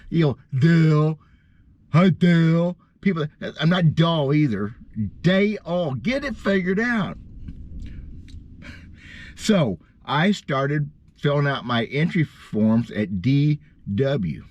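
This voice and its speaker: Folksy middle-aged man, rambling. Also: medium pitch. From Missouri, USA. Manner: folksy, self-deprecating, drawn-out emphasis. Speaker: bass fishing vlogger. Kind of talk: casual rambling storytelling. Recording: dull lo-fi sound.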